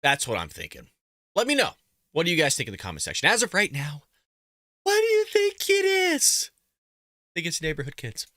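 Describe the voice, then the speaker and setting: Animated man hosting a reaction video. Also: normal speed, long pauses, no room sound, studio quality. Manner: animated, jokey, swings between loud outbursts and low mutters. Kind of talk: casual reaction commentary.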